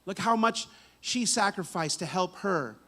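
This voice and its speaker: A man's voice: high-pitched, animated, unhurried, bright, forceful tone. A man preaching a church sermon in a casual, conversational way, often restarting words and checking in with "right?". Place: church sanctuary.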